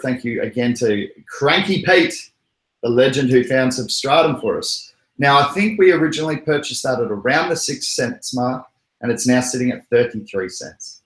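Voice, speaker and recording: A man's voice: medium pitch, a bit bright. An Australian man hosting a casual livestream, rambling and joking with frequent chuckles. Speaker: crypto livestream host. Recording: roomy echoey room.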